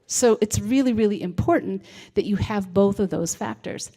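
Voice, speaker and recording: A woman's voice: mid-range voice, normal speed, warm tone. A middle-aged woman giving a conversational presentation on reading, often checking in with "right?". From United States. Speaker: literacy presenter. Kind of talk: presentation to a civic audience.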